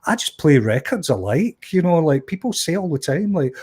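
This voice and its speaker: A man's voice: fairly high pitch, normal speed, slightly rough. A middle-aged Scottish man, a musician and DJ, telling anecdotes as an interview guest and acting out the people in his stories. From Scotland. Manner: animated anecdote-telling, acts out quoted voices, frequent restarts. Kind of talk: conversational storytelling.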